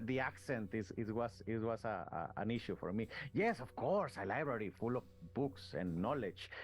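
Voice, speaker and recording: Lively joking man. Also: mid-range voice. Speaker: player. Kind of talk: in-character role-play.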